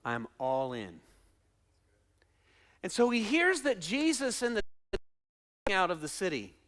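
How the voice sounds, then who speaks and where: A man preaching a sermon as pastor, dramatic, acting out quotes and swinging from loud shouting to hushed asides. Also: very high-pitched, big pitch swings, normal speed.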